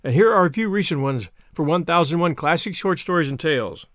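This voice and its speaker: A man narrating a classic short story as a podcast host, expressive with varied character voices. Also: on the high side, fairly quick, dry recording, clean studio sound. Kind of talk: storybook reading.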